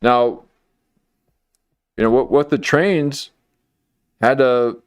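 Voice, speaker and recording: A man's voice: medium pitch, extremely slow, clean tone, dry recording, studio quality. A man hosting a comedy commentary livestream, talking in a wry, rambling way with lots of fillers and restarts.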